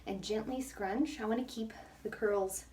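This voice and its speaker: A woman's voice: medium pitch, normal speed, background noise. A young woman chatting casually through a hair tutorial in a hot bathroom, out of breath from the heat, self-mocking and laughing often. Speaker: hair care vlogger. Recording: echoey bathroom, mic at a distance.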